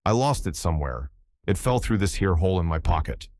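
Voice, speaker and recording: Casting: sly drawling Southern teen boy read by a deep-voiced man, wheedling. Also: big pitch swings, a little fast, a little mellow, no echo. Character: sly teenage boy, Black Southern servant.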